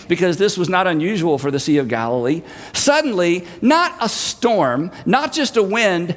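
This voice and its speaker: A man's voice: high-pitched, fairly bright tone, long reverb tail. A man preaching a sermon, telling the story vividly and acting out scenes with asides to the audience. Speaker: pastor.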